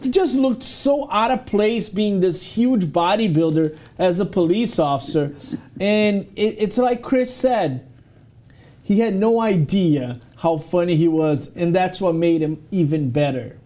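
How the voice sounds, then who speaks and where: A man's voice: high-pitched, animated, measured pace, warm tone. A man on a talk panel, telling a funny story casually with an amused tone.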